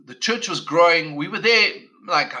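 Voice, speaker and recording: A man's voice: a little high, animated, moderate pace, pushed and bright, rough recording. A middle-aged man from South Africa, a pastor telling his own story in a conversational way, with many restarts. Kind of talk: personal testimony talk.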